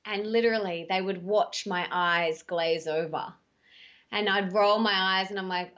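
A woman's voice: mid-range voice, fairly even intonation, a little slow, a bit bright. A woman guest on a podcast, telling stories emphatically and animatedly, often stretching her words out. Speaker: podcast guest, author and speaker. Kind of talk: casual conversation. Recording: dull lo-fi podcast audio.

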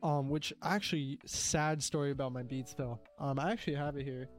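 A man's voice: mid-range voice, fairly even intonation, a little fast, faint music behind. A young man chatting casually among friends, rambling and slangy, often mimicking a device's voice. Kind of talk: casual chat.

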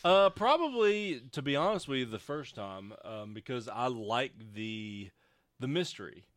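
A man's voice: medium pitch, expressive, a little slow, fairly bright tone, no echo, clean studio sound. A man in casual conversation about a TV show, talking with many fillers and restarts. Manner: hesitant, many fillers, acts out quoted lines. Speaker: co-host discussing a TV show. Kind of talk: casual chat.

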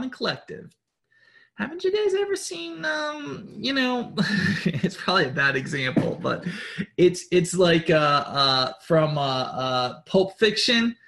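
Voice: mid-range voice, a bit bright. A spiritual group leader gives a loose motivational talk to followers. The delivery is blunt and peppered with swearing. It rambles, doubles back on its own words and keeps pressing the listeners to act. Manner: blunt, profane, repetitive and rambling; insistent, urging listeners. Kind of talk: informal motivational address.

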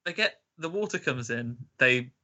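A man riffs on a film with friends in a wry, chatty way, swearing now and then. His voice has a bright, forward edge at a middling pitch. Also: expressive, moderate pace, lo-fi sound. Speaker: podcast co-host. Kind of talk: casual film commentary chat.

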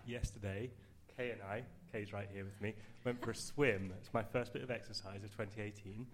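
Low-voiced man, cheerful, noisy recording. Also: fairly even intonation, brisk. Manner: cheerful, laughing. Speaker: podcast contributor. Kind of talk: casual chat.

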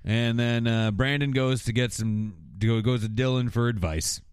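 A man's voice: medium pitch, clear, resonant tone, no echo, studio quality. A man hosting a podcast, recapping TV episodes in casual chat and acting out the characters' lines. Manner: animated, acting out every character with quick voice switches. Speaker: podcast host.

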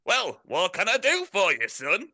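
A man's voice: high-pitched, wildly swooping pitch, a little slow, vocal fry, sharp tone, heavily acted. A man putting on a bluff older male football manager with a Yorkshire accent. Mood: jovial.

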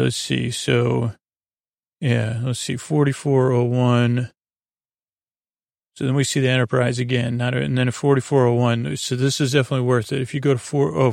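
Gravelly man, flat rambling recap. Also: medium pitch, no echo, studio quality. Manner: loose, filler-heavy retelling, "he goes, she goes". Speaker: podcast host. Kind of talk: rambling casual recap for sleep.

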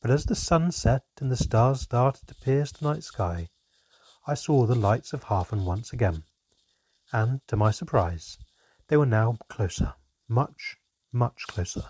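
A man narrating a fantasy storybook in an expressive, measured way. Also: mid-range voice, slightly rough, no echo.

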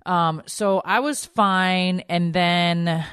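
A woman's voice: lowish voice, fairly even intonation, very slow, fairly bright tone, clean tone, no room sound, studio quality. A woman in her thirties hosting a casual chat show, talking candidly and rambling, with plenty of swearing and filler words. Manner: candid, rambling, swears freely, heavy use of "like". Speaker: podcast host.

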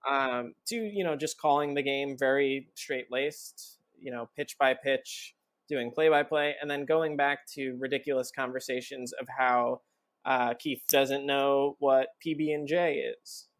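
A man's voice: mid-range voice, fairly even intonation, unhurried. A man guest on a casual podcast chat, talking at length and laughing mid-sentence.

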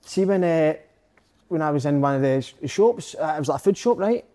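A Scottish man telling quick anecdotes in casual banter, full of swearing and "mate". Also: a little high, animated, warm tone.

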